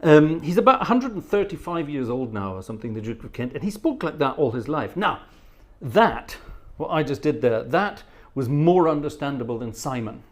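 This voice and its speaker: Speaking at normal speed in a sing-song, fairly high voice, the middle-aged organist and choir director chats through stories on a live stream. He hums the choir parts and imitates people's voices.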